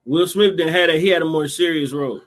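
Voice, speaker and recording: Male podcast co-host, high voice, animated and slangy, jokey mock outrage. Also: fast talker. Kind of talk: casual chat.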